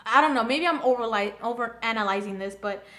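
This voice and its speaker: A young woman with a fairly high voice chats casually about an anime episode. She gushes and gets excitable, peppering every sentence with fillers and restarts. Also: brisk. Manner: gushing, filler-heavy, excitable. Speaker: anime reviewer. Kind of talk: casual chat.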